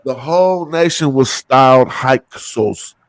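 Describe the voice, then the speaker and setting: A man reads source quotes aloud in a steady, matter-of-fact voice. He sits at a medium pitch, and the sound is close and dry. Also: slow, dry recording, rough recording.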